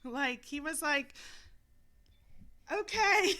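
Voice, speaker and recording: Woman, high voice, very bright tone, giggly, animated storytelling, casual chat. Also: moderate pace. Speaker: podcast co-host.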